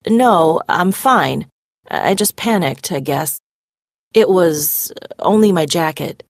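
A woman's voice: lowish voice, expressive, takes it slowly, no echo, studio quality, exaggerated voice. A woman voicing a frightened young boy who answers in a faltering, hesitant way. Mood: shaken.

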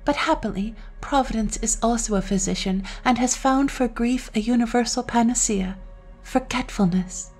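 A woman reading an audiobook, voicing a gentle, sorrowful noble lady in a soft, wistful, higher voice. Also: moderate pace, soft background music.

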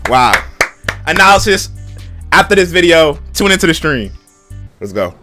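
A young man reacting live to a video, excitable and shouting at the screen. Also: a little high, normal speed, faint music behind. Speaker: reaction streamer.

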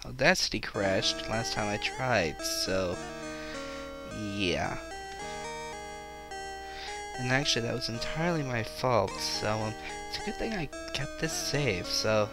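Casual game commentator, man, chatty and self-deprecating, music in the background. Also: mid-range voice. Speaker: let's play commentator.

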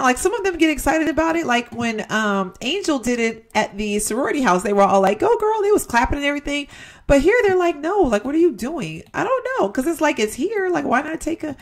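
A young woman giving casual, chatty commentary as she plays a life-simulation game, talking straight to her viewers and exclaiming at what happens. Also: sits high. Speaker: gaming YouTuber. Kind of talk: casual let's-play commentary.

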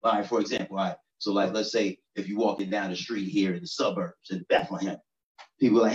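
A man's voice: low voice, fairly even intonation, quick pace, recorded from a distance. A stand-up comedian from New York City in his thirties, talking to the crowd in a loose, chatty way and often asking "you know what I'm saying.". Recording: roomy echo, dull lo-fi sound.

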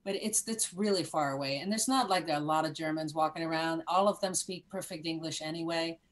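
A Cuban American woman in her fifties, a podcast guest in casual chat, telling animated stories with many restarts. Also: low-pitched, fairly quick. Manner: animated storyteller with many restarts and acted-out moments.

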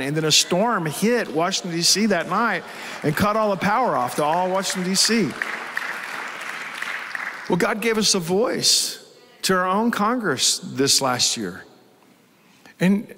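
A man's voice: sits high, animated, a little slow, long pauses, bright, forceful tone, in a large hall, a faint crowd. A man preaching a sermon as pastor, telling a story with strong emotion. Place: church hall with live congregation.

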